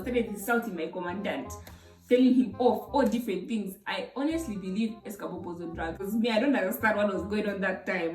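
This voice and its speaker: A young woman from Zambia with a Zambian English accent, telling a story in an animated, exclamatory way for her vlog. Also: medium pitch, normal speed. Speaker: YouTuber. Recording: roomy, distant mic, faint music.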